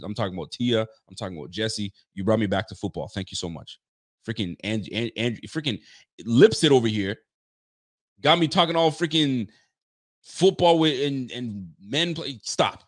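A man hosting a relaxed sports talk show, his speech full of slang, laughter and teasing asides to his audience. His voice is lively and swings widely in pitch, sitting at an ordinary middle register for a man. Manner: joking, laughing, slangy and animated; talks to a live chat and audience. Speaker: podcast host. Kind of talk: casual sports chat.

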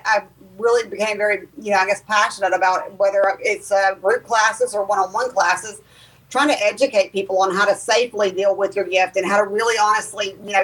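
A woman with a Southern US accent, a guest and spiritual teacher, talking casually with many ums and pauses. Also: mid-range voice, fairly bright tone, breathy edge, poor audio. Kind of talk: casual chat.

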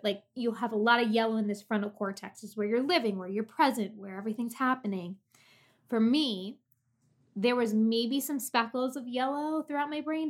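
A heavily pregnant woman in her thirties, chatting candidly and telling personal stories as a guest. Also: mid-range voice. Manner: candid, animated storytelling. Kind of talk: casual chat.

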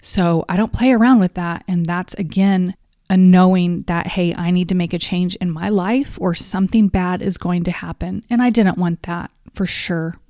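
A woman's voice: fairly low pitch, steady tone, normal speed, mellow, no room sound, clean studio sound. A woman hosting a podcast, telling a personal story in a heartfelt, confessional way, at times openly emotional. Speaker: podcast host.

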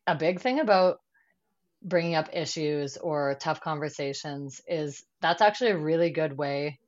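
A woman with a very low voice chats casually as a podcast guest. She leans on fillers and acts out little quotes as she talks. The recording is a bit dull and lo-fi. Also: moderate pace, darkish tone. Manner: chatty, lots of fillers and quoted asides.

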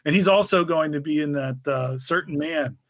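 A podcast co-host tells his stories in a loose, rambling, conversational way. His voice sits a little high for a man. The sound is dry and close, with no room echo. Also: moderate pace, a bit bright. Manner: rambling, chatty storyteller. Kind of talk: casual chat.

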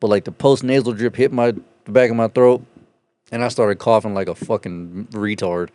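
Low-voiced man telling crude stories. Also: fairly even intonation, normal speed, warm tone, no echo. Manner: profane, laughing storyteller. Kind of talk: casual chat.

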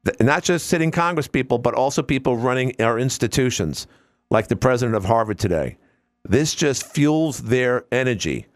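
Lively wisecracking male radio host. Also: mid-range voice, moderate pace. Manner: rambling, wisecracking, animated. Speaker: radio talk show host. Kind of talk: call-in radio talk.

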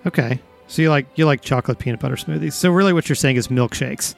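A man hosting a casual comedy podcast, with a teasing, deadpan delivery. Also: medium pitch, fast talker, gravelly, faint music behind. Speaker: podcast host.

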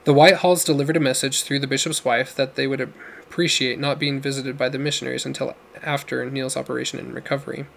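A man narrates a story audiobook in a measured, even manner. His voice is gravelly, at an ordinary middle pitch. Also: slight background noise.

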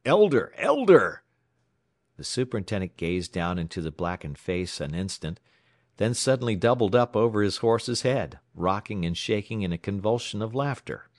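A man from the United States narrating a story aloud in a dramatic, expressive way. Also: lowish voice, moderate pace, no echo, clean studio sound. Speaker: audiobook narrator. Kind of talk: scripted narration.

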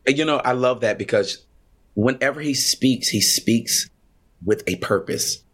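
A man's voice: medium pitch, animated, a little slow, fairly bright tone. Reflective man on a faith panel. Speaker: panel guest. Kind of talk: faith podcast discussion.

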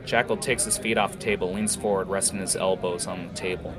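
A man narrating a fantasy tavern scene in a relaxed way, with fillers. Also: low-pitched, a little fast, faint music behind. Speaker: storyteller.

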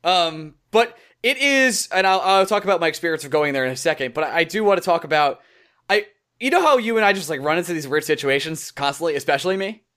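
A young man co-hosting a podcast, telling a story in casual chat and acting out quotes with a lively voice. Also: fast. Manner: animated, acts out quotes in higher voice. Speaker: podcast co-host.

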